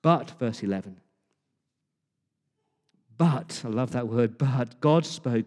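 Male pastor, mid-pitched, impassioned sermon delivery with dramatic pauses, church hall reverb. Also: a little mellow. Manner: impassioned preaching with dramatic pauses and repeated words.

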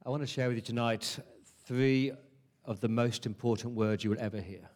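A man's voice: medium pitch, steady tone, normal speed, darkish tone. A man preaching a sermon, stressing key words through repetition and asking the listeners rhetorical questions.

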